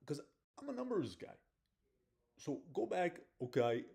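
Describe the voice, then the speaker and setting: A man's voice: fairly high pitch, big pitch swings, unhurried, gravelly, warm tone, voice pushed up, exaggerated voice. A man in a put-on voice, repeating phrases in a playful, emphatic way.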